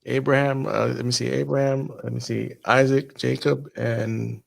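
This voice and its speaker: A man with a gravelly, creaky voice hosts a relaxed political chat. He rambles and hesitates, stopping now and then to check something. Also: mid-range voice, normal speed.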